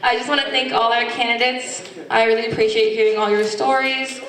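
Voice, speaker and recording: Woman hosting a candidate forum, conversational, high-ish voice, hall echo. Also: flat delivery, a little fast, a bit bright. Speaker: forum host. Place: community meeting hall. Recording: echoey hall from far off.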